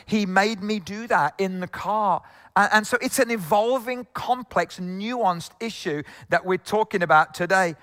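Male pastor, from England, high bright tone, chatty jokey sermon in a reverberant hall. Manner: conversational, jokey, many asides.

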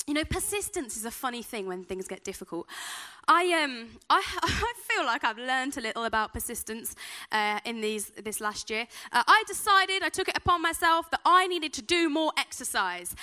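A woman's voice: sits high, expressive, moderate pace, pushed and bright. A woman preaching a sermon in a chatty, self-deprecating way, telling personal stories.

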